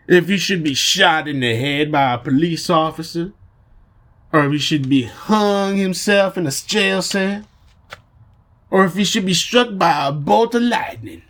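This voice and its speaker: A man voicing a hammy, menacing Italian mafia boss in a mock Italian accent, with slow, drawn-out, theatrical delivery. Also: mid-range voice, darkish tone, breathy edge, pitched below the performer's own voice. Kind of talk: amateur dramatic reading.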